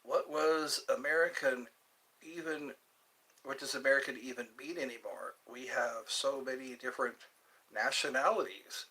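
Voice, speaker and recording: An older man hosting a livestream, rambling casually and joking to himself in a slow, meandering way. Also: mid-range voice, bright, forceful tone, poor audio. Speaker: livestream host.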